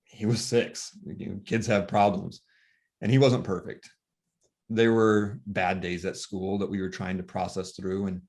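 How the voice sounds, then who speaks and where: Soft-spoken, low-voiced grieving father. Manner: soft-spoken, halting, with many fillers and pauses. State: worn and tired. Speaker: grieving father telling his story. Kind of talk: emotional personal storytelling.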